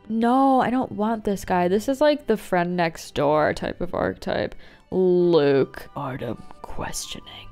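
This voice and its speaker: A woman giving excitable, jokey let's-play commentary as a gaming YouTuber. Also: medium pitch, vocal fry.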